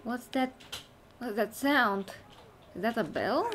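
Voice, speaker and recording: Brief: woman, slightly high voice, slow unhurried gameplay commentary, mutters and exclaims, steady noise behind. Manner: chatty, talks to herself, mutters and exclaims at the game. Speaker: gaming channel host.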